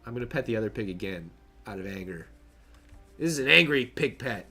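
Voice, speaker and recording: A man's voice: mid-range voice, lively intonation, moderate pace, pauses often, sharp tone, soft background music. A man casually narrating his own gameplay on a stream, chatty, joking and laughing to himself as he plays.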